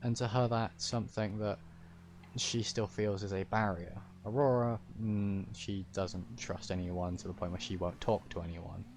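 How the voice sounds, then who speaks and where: Low-voiced man rambling to his stream. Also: fairly even intonation, normal speed, darkish tone, slight background noise. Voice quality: deep-ish voice. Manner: rambling, hesitant explaining. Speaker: roleplay streamer. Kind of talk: casual chat to stream viewers.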